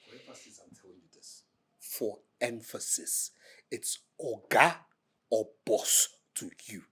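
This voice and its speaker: A man's voice: medium pitch, sing-song, normal speed, breathy edge. An actor with a Nigerian English accent playing a pompous male caretaker who barks orders in stiff, formal English. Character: bossy self-important male caretaker turned boss. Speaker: caretaker put in charge of the house. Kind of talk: film drama acting.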